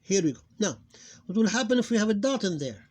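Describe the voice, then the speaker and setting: Guy teaching phonics, lots of uh, drags out the sounds, kinda high voice. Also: sing-song, a little mellow. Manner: hesitant, many fillers, slows down to sound out words. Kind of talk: explaining a lesson on screen.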